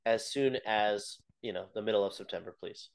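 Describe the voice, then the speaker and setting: A man co-hosting a podcast, chatting casually with a relaxed, hesitant manner and plenty of short agreements. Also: lowish voice, moderate pace, gravelly. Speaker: podcast co-host. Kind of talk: casual chat.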